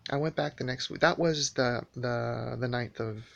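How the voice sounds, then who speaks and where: A man's voice: medium pitch, moderate pace, gravelly, lo-fi sound. A man telling a long story in a casual spoken monologue, rambling and aggrieved, with many restarts and fillers.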